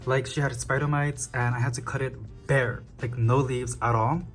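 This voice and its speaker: A man hosting a casual houseplant tour of his apartment, chatting quickly and calling his plants "girly" as he walks through the rooms. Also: mid-range voice, steady tone, faint music behind. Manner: chatty, talks fast, calls plants "girly". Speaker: plant channel host. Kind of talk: casual home tour vlog.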